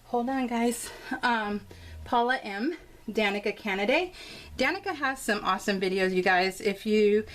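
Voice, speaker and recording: A woman's voice: mid-range voice, animated, moderate pace, a bit bright. A woman in her forties chatting casually while crafting, telling a story with lots of fillers and laughs. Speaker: scrapbooking vlogger.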